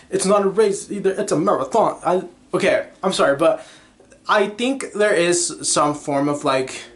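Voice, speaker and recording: A man's voice: high-pitched, unhurried. A young man hosting a casual solo podcast, gushing and chatty, full of "like" fillers and sung snippets. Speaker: podcast host.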